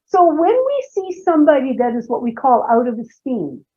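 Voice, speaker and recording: A woman's voice: high-pitched, big pitch swings, normal speed. A woman presenting a seminar talk, telling playful personal stories with asides to the audience. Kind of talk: humorous storytelling seminar talk. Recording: dull lo-fi lecture recording.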